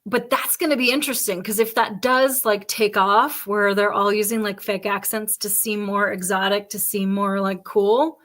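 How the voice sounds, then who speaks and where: A woman's voice: medium pitch, moderate pace, few pauses. A woman, hosting a casual chat and talking bluntly with lots of swearing. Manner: blunt and profane, animated asides. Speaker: podcast host.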